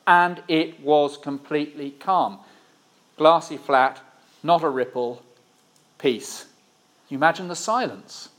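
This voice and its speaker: A man from Cornwall, preaching a sermon with wry humor and dramatic pauses. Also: on the high side. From Cornwall, England.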